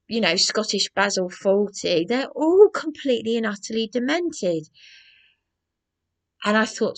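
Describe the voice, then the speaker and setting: Brief: woman vlogger, gravelly voice, slow aggrieved rant full of restarts. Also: fairly high pitch, animated. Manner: agitated, aggrieved ranting with many restarts. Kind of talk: rambling personal monologue.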